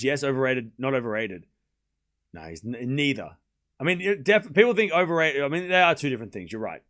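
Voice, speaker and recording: A man hosting a live tennis watchalong stream, calling points with excitement and chatting casually and bluntly with his viewers. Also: mid-range voice. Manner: excited play-by-play, then ranting casually at chat. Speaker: stream host and tennis commentator. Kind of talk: live watchalong commentary with chat.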